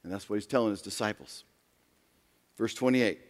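A man preaching a sermon as pastor, dramatic, swinging between loud emphasis and hushed near-whispers. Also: lowish voice, normal speed, in a large hall.

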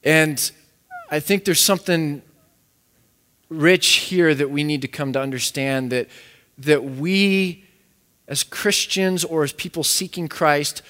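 A man's voice: fairly high pitch, slow pace, pauses often, fairly bright tone. A man preaching a sermon in an earnest, searching way, often restarting his phrases. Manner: earnest, repeats words as he restarts. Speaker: pastor. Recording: echoey hall.

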